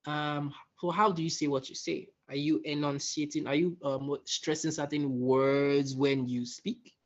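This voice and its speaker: A man teaching a soft-skills workshop in a conversational way, often checking in with his listeners. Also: on the high side, steady tone, a little slow, muffled recording. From West Africa. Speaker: workshop facilitator.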